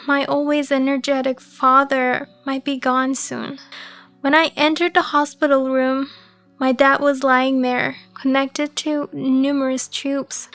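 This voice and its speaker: A woman narrating a first-person life story in an even, measured way. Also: sits high, dry recording.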